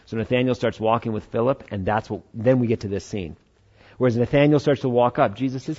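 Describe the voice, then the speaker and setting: A man's voice: mid-range voice, brisk, dark tone, muffled recording. A man preaching a conversational sermon, acting out Bible dialogue in changing voices. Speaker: pastor.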